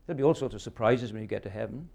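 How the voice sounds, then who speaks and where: A man's voice: lowish voice, racing, gravelly, darkish tone. A man in his sixties preaching a sermon, earnest and emphatic, often ending points with rhetorical questions. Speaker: pastor.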